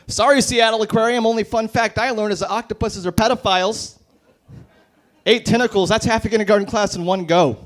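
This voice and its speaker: A man performing stand-up at an open mic in a brewery, delivering deadpan one-liners into a handheld mic. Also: high voice, fast talker. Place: brewery bar.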